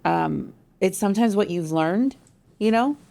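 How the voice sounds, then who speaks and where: A woman's voice: medium pitch, animated, unhurried, vocal fry, warm tone. A woman in her thirties co-hosting a faith-based marriage talk, chatting candidly and laughing easily. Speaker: podcast co-host.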